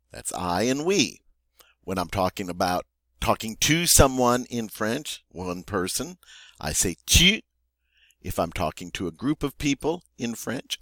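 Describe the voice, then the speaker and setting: A man's voice: lowish voice, fairly bright tone, no echo. A man teaching French grammar, explaining patiently with fillers and checking in with "okay".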